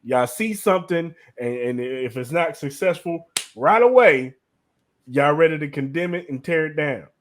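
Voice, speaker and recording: A man's voice: on the high side, expressive, normal speed, slight background noise. A young man co-hosting a podcast, giving blunt, slangy opinions in casual chat. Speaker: podcast co-host.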